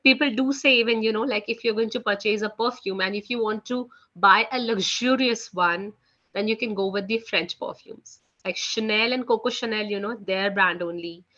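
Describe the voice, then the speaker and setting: This online French teacher talks at normal speed in a mid-range voice that's bright and forward. Her live class chat is relaxed and full of "you know" and "guys," though the audio is muffled and lo-fi.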